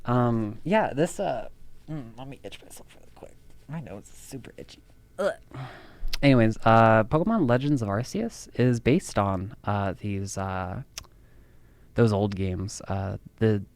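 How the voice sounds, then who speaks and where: Male host, lower voice, dry close sound; chatty, drifts off on tangents. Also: no echo. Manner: rambling, chatty, laughs at himself. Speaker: podcast host. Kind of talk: casual rambling monologue.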